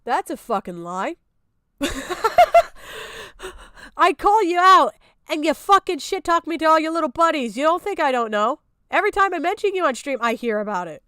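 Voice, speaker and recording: A young woman vents on her stream in a high, piercing voice, swearing freely and circling back to the same complaint. The sound is dry, with no room echo. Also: very animated, normal speed, pushed and bright. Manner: heated, profane, repeating her points. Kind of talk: angry reaction rant.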